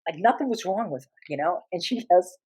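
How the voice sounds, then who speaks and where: An animated woman tells comic family stories as an interview guest. Her pitch swings widely and she laughs often, brash and lively. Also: fairly quick, breathy edge. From New Jersey. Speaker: guest storyteller.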